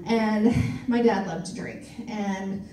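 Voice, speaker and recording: A woman from Missouri doing a stand-up comedy set on a club stage, with a dry, self-deprecating delivery full of pauses and fillers. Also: medium pitch, dark tone, slight background noise. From Missouri, USA. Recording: echoey club room, mic from a distance, faint ambience.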